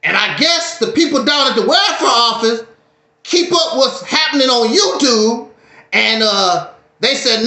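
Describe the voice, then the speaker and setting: In an echoey room, a male YouTube streamer rambles through a casual livestream monologue, mixing preachiness and jokes with a flair for drama. His voice sits at an extremely high pitch, bright and forceful, animated yet moving at a measured pace.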